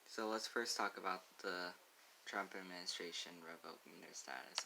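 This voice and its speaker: Casting: young male channel host, deep gravelly voice, bright edge, slow stumbling read-through of a news piece, faint hiss. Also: low-quality recording. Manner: halting, stumbles and restarts on words. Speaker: YouTuber reading news. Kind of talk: casual news commentary, reading an article aloud.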